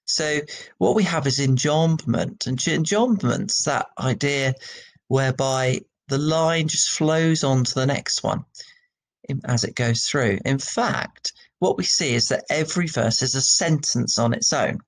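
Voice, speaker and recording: A man's voice: medium pitch, a little slow, gravelly. A male teacher talking through a poetry lesson in a conversational way, with many ums and restarts. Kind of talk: recorded classroom lesson.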